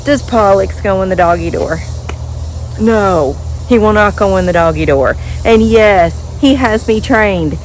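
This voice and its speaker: A chatty woman with a drawl talks casually to camera at a mid-range pitch. She is recorded outdoors with faint background noise behind her. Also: a little slow, rough recording. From Western Kentucky. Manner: chatty, talks to her dogs in a sing-song voice. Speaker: vlogger. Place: outdoors at home.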